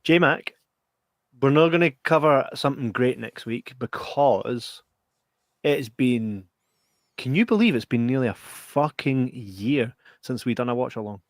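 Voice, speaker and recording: A man's voice: medium pitch, expressive, measured pace, dry recording, clean studio sound. A Scottish man co-hosting a casual podcast. He talks to viewers in a chatty, sweary way and explains plans for the next show. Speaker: podcast co-host.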